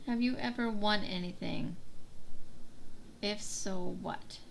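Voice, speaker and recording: A woman's voice: slow pace, gravelly, slight background noise. A woman vlogger chatting casually while she crafts, rambling and laughing often. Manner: acts out family quotes in a high voice. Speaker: diamond painting vlogger.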